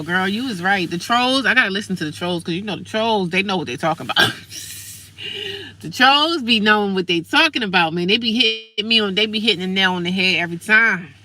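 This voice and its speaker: A woman's voice: mid-range voice, sharp tone, a little hiss or hum. A woman chatting casually and playfully with her livestream viewers, calling them girl and sis. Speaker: vlogger. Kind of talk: casual livestream chat with commenters. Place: homeless shelter.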